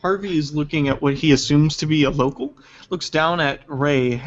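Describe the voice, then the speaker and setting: A man's voice: fairly high pitch, moderate pace. A man playing a tabletop game, narrating his character in a playful, descriptive way. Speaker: player. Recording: dull lo-fi sound.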